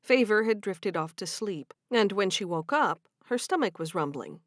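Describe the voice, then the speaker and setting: A woman narrating a sweet romance audiobook in a gentle, measured way. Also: medium pitch, animated, no room sound, studio quality. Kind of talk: scripted narration.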